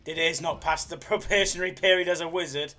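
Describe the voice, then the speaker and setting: A man's voice: on the high side, steady tone, fast, pushed and bright, soft background music. A young man hosting a casual live stream, joking and reading out viewers' messages. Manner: jokey, chatty, reads chat aloud. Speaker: slots live streamer, host.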